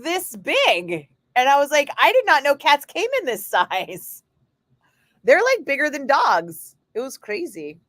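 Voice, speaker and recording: A chatty middle-aged woman with a mid-range voice works as a radio DJ, chatting with live viewers in a casual livestream. She's an animated storyteller who swears casually, and there's no room sound on the recording.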